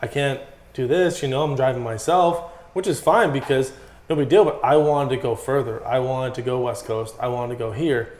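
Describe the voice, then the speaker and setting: A man telling stories in a casual podcast interview, animated and full of swearing and "like"s. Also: mid-range voice, normal speed. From Massachusetts. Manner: profane, animated storytelling with many "like"s. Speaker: guest, former pro BMX rider. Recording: echoey room.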